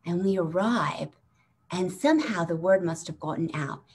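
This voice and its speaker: A woman in her forties, a stand-up comic, performs a chatty, rambling storytelling set over a live-streamed video call, doing voices for the people in her stories. Her voice is husky, on the low side, and darkish, at a moderate pace.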